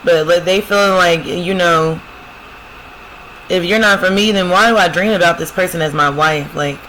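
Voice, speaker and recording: A woman's voice: fairly low pitch, moderate pace, fairly bright tone, slight background noise, low-quality recording. A woman giving a casual prophetic love reading who talks straight to her viewers, keeps repeating "y'all," and reads song lyrics aloud before explaining them. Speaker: spiritual love-reading host.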